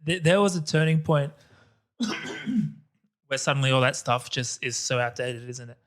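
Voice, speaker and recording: A man guesting on a podcast, chatting casually about films in an animated, opinionated way and laughing often. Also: mid-range voice, unhurried. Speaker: podcast guest, co-host of another podcast. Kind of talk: casual film chat.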